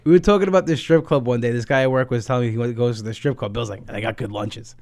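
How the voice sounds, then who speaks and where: A young man telling crude workplace stories in casual chat, laughing and acting out gruff quotes. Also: mid-range voice, very fast, background noise.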